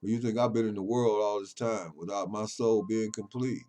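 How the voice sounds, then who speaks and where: A man, a poet, delivering an impassioned spoken monologue about his poems, preachy and emphatic, moving between loud declarations and low, intimate murmurs. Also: fairly even intonation, normal speed.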